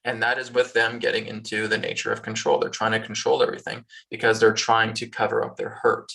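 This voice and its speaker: Gravelly, bright-voiced man teaching on a video call. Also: lowish voice, completely flat delivery, a little fast. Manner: repeats "right?" and "okay?" as checks; acts out worried and pushy people in raised voices. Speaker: spiritual teacher. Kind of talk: guided healing session on a video call. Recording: distant video call audio.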